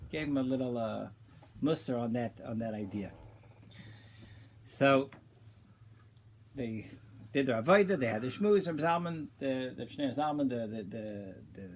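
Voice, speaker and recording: A man giving an informal Torah class, telling a story in a casual, halting way with many restarts, sprinkling in Hebrew and Yiddish terms, and getting animated as he builds his point. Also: medium pitch, slight background noise. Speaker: Torah teacher.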